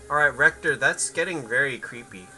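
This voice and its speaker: A man's voice: medium pitch, normal speed, sharp tone, faint music behind, poor audio. A man chatting casually on a game livestream, rambling to his viewers and his cat. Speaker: game streamer.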